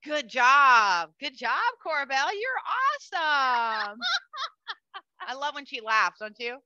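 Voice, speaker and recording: A woman hosting a live educational bird show for children, chatty and animated, cooing at the bird and talking to the audience. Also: high-pitched, slow, noisy background. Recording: dull lo-fi dry sound.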